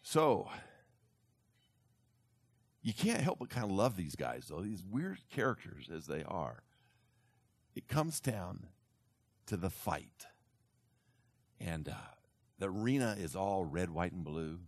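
A man telling a story to an audience in an animated way, slipping into character voices. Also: deep voice, slow, pauses often, no room sound.

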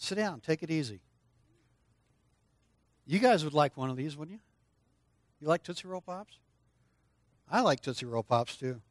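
An older man with a fairly high voice leads a children's sermon at a moderate pace, pausing often as he coaxes the kids into answering aloud. His delivery is lively and aimed straight at them, with no echo in the recording.

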